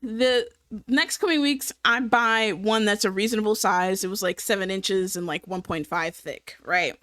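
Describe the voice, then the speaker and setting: A woman telling a casual story to camera in an animated, profane way, laughing often and checking in with the viewer. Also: medium pitch, moderate pace, dry recording. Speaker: storytime vlogger.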